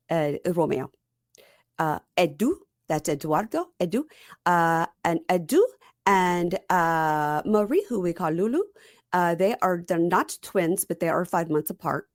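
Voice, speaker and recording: A woman's voice: on the low side, unhurried, dry recording, studio quality. A woman hosting a podcast, chatting casually about reality TV and telling stories with quoted voices. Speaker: podcast host.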